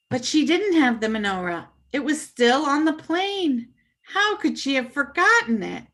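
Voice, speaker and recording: A woman reading a children's story aloud with puppets, expressive and animated. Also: high voice, a little slow.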